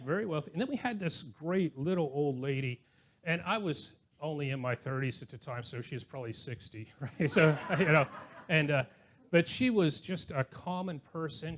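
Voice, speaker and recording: Older man as a pastor preaching a relaxed sermon; slightly high voice, storytelling, light chuckles. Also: normal speed. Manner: conversational, anecdotal, with chuckling asides. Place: church.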